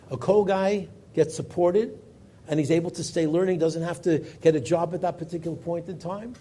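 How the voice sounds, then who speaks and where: Husky rabbi with a high, animated voice, telling a story in a Torah class. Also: male voice, brisk. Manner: animated storyteller, voice rising with emphasis and dropping low for quoted lines.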